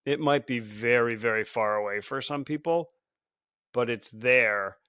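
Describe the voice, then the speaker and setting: A man as a podcast guest, speaking in an earnest and reflective way. His voice is bright and smooth, and it sits slightly low. The sound is dry and close. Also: a little slow, dry recording. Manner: earnest, reflective, often hedging with "like". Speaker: podcast guest, founder of a support group. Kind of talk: casual podcast conversation.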